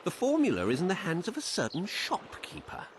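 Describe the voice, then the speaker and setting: A man's voice: sits high, wildly swooping pitch, a little fast. An actor playing a secretive man in a game who asks a witcher for help in a blunt, bargaining way. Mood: scheming. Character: shifty male townsman asking a witcher for help. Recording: game audio with faint ambient noise.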